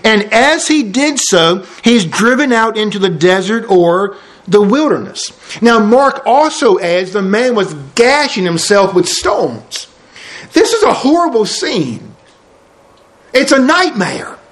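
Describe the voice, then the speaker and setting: A man's voice: high-pitched, sing-song, slow pace, a bit bright. A man preaching an expository sermon, emphatic and repeating key phrases for effect.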